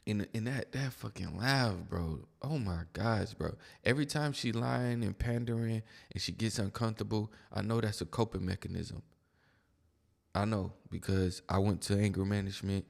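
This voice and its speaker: A man's voice: lowish voice, moderate pace, gravelly, big-room sound. A man hosting a reaction video, giving blunt, mocking casual commentary on clips. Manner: blunt, mocking, keeps saying "bro".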